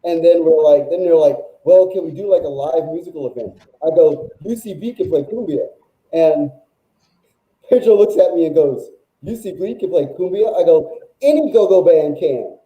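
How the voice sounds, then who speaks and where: Man, music journalist guest, animated storyteller, fillers everywhere, echoey room, muffled lo-fi sound. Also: a little high, moderate pace. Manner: animated, rambling, peppered with "like". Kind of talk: casual storytelling chat.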